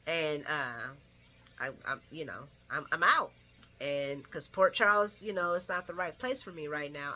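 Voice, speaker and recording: A woman's voice: deep voice, a little slow, sharp tone. A woman giving a casual late-night soap opera recap, blunt and opinionated, cursing freely and laughing often. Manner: laughs often while talking.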